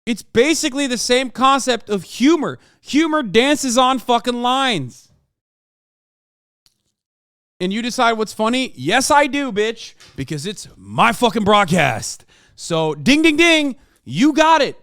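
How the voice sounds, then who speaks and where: Profane, emphatic male streamer, smooth dry voice. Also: very high-pitched, lively intonation, measured pace, fairly bright tone, no room sound. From United States. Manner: profane, emphatic, rambling with fillers. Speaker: streamer reacting to clips. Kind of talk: casual opinionated commentary.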